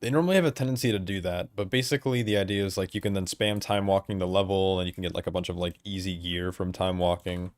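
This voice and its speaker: A man's voice: sits low, steady tone, fast, hardly any pauses, dry recording. A man streaming a game and chatting casually, laid-back and swearing, often laughing. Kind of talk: casual gameplay chat.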